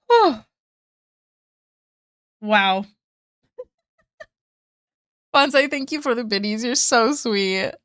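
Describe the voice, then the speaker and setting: A woman's voice: a little high, extremely slow, pauses often, a bit bright, no room sound, clean studio sound. A woman art streamer chatting casually with viewers while drawing, giggling often and thanking them effusively.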